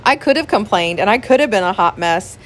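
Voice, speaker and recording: A woman speaking as a pastor's wife in a relaxed devotional talk. Her voice sits at an ordinary middle pitch. She talks earnestly and with feeling, laughs often and leans on "like" as she speaks. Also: brisk. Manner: emotional, earnest, frequent laughs and "like" fillers.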